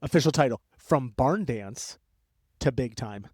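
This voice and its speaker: A young man co-hosting a podcast, telling a history story in an excitable, rambling way that keeps breaking off and jumping between tangents. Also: mid-range voice, measured pace, no room sound, studio quality. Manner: excitable, rambling, self-interrupting. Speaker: podcast co-host. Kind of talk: casual storytelling chat.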